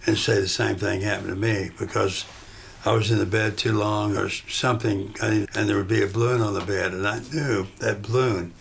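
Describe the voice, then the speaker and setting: A man telling a rambling story to camera in a deadpan manner. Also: lowish voice, a little fast, vocal fry, slight background noise. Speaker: reality show contestant.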